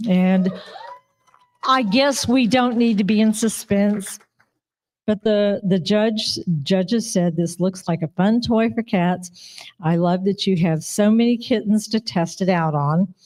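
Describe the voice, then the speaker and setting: At a live ceremony, a woman presenting awards reads out the winners in a chatty, giggly manner, apologizing whenever she stumbles over a name. Her voice is medium-pitched, slow, and a little mellow.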